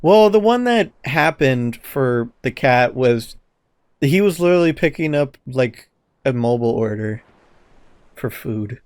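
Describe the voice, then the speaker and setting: A man's voice: medium pitch, measured pace, clean tone, no room sound. Guy on a podcast telling a story, swears a bunch, acts out what people said, dry close sound. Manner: animated storyteller, acts out quotes, swears often. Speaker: podcast co-host. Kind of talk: casual chat.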